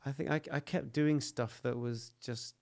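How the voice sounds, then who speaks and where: Gravelly, hesitant Englishman as a guest. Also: mid-range voice, fairly even intonation, darkish tone. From England. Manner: halting, hesitant, self-deprecating. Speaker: podcast guest. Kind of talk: casual podcast chat.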